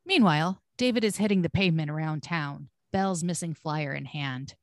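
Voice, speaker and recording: A woman's voice: low-pitched, fairly quick, dry recording, studio quality. A woman co-hosting a podcast, reading scripted episode recaps with blunt, swearing asides.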